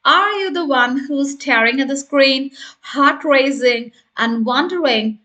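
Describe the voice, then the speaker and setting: Bright upbeat woman coaching test prep. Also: high voice, expressive. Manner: upbeat coaching, modelling example sentences slowly. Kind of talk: scripted tutorial.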